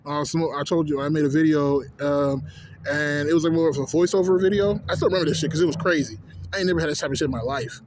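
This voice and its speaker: A young man delivering an animated, profanity-heavy rant as a vlogger, often asking "you know what I'm saying". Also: a little high, fast talker, noisy background. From Houston, Texas. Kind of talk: profane ranting monologue.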